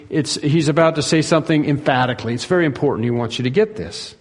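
A man preaching a sermon, emphatic, rising to loud peaks and dropping to hushed asides. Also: mid-range voice, quick pace, hardly any pauses, breathy edge, long reverb tail. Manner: emphatic, swings between soaring and hushed. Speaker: pastor.

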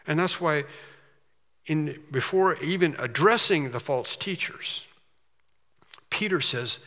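A man preaching a sermon, slow and emphatic with quicker asides. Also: a little high, expressive, bright, forceful tone, big-room sound.

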